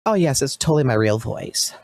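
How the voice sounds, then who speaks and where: A man putting on a flirty woman's voice in falsetto, coy and teasing, as a joke on stream. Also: expressive, a little fast, darkish tone, no echo, studio quality, lightly acted.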